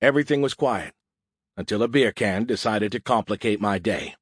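A man's voice: fairly low pitch, moderate pace, slightly rough, dry recording. A man narrating a first-person audiobook in a wry, conversational manner, close to a studio mic.

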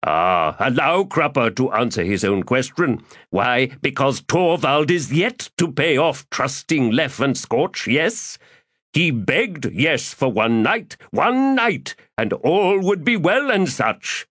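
This is a full character voice for an audiobook: a man plays a chubby, flowery, self-important schemer holding forth at a tavern table, theatrical and referring to himself in the third person. He delivers long archaic, grandiloquent lines slowly and in a sing-song way, his pitch swooping and dancing. The tone is fairly bright, close and dry, with no room sound.

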